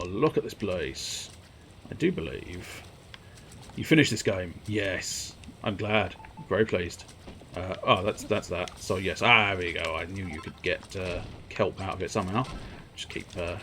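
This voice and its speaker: A low-voiced man streams a video game and chats as he plays. He rambles wryly and swears now and then, reading the on-screen text aloud as he goes. A faint ambient hiss runs under his voice. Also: a little slow, fairly bright tone. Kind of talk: casual gameplay commentary.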